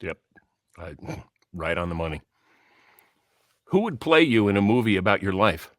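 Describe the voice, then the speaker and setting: A man's voice: low voice, big pitch swings, measured pace, dry recording, studio quality. A man hosting a podcast, asking questions in an easygoing way and laughing along. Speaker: podcast host. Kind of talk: casual interview chat.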